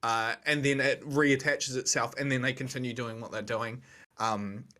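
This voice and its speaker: Young aussie bloke on a podcast, bright voice, rambles, lots of slang. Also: male voice, mid-range voice, fairly even intonation, normal speed. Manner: rambling, slangy, laughs often. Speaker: podcast co-host. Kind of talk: casual chat.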